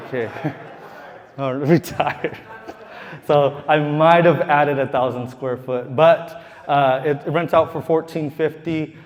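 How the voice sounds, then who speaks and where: Man telling stories with hall reverb. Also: fairly high pitch. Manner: casual, profane, laughing storyteller. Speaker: real estate agent and investor. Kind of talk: telling a story to a live audience. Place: room with an audience.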